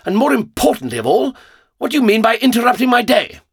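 A man's voice: very high-pitched, very animated, fast, breathy edge, dry recording, clean studio sound, voice pushed up, heavily acted. A man playing the Doctor, a pompous patrician. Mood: imperious. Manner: pompous, theatrical, commanding. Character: imperious, patrician male time traveller. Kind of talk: audiobook narration.

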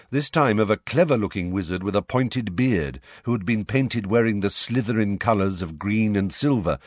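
A man's voice: lowish voice, breathy edge, no echo. A man narrating a fantasy novel as an audiobook reader. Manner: lively storytelling, dry close reading. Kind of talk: scripted narration.

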